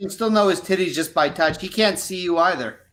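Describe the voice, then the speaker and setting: High-pitched guy thinking out loud about which card fits. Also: brisk. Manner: muses aloud over card choices. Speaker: card game player. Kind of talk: casual chat while playing.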